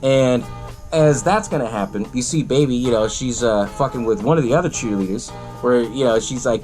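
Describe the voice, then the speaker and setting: A man's voice: mid-range voice, brisk, darkish tone, faint music behind. A man hosting a podcast, casually retelling a movie in a rambling, profane way and laughing often. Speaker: podcast host.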